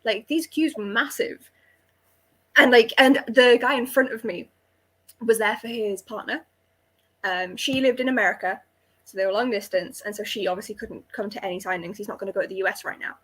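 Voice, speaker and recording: A woman's voice: medium pitch, a little fast, a bit bright, breathy edge. A young woman co-hosting a casual chat, telling stories in a rambling way full of fillers. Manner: rambling storyteller, lots of "like". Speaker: podcast co-host.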